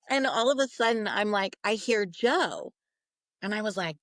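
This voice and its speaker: A woman's voice: on the high side, measured pace, a bit bright, no echo. A woman, a psychic medium guest, telling a story in an interview, acting out the voices she quotes and laughing often.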